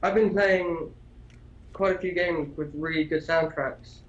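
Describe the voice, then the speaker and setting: A man's voice: fairly high pitch, steady tone, a little slow, lo-fi sound, a little hiss or hum. A man co-hosting a gaming podcast in casual chat, rambling with lots of restarts and casual swearing. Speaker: podcast co-host.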